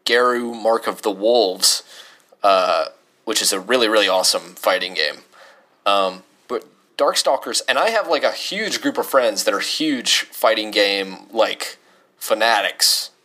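A man co-hosting a casual podcast, reading listener questions aloud and joking between them. His voice is bright and forceful, with a playful edge. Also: lowish voice, animated, unhurried. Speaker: podcast co-host. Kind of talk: casual chat.

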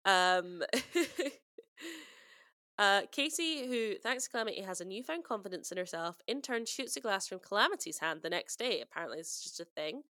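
A woman's voice: mid-range voice, expressive, normal speed, pushed and bright, dry recording, clean studio sound. A woman from the UK co-hosting a podcast, chatting casually and laughing often as she recaps a film and quotes its lines. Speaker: podcast co-host. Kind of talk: casual chat.

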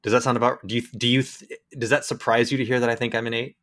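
A man's voice: mid-range voice, flat delivery, fast, fairly bright tone. A man hosting a podcast, supportive and a bit hesitant, often restarting his sentences. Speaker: podcast host. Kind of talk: casual podcast conversation.

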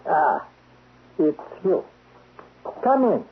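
A man playing a cold, menacing foreign spy chief in a 1970s radio drama, clipped and husky. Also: a little high, wildly swooping pitch, very slow, heavily acted. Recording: dull lo-fi radio broadcast.

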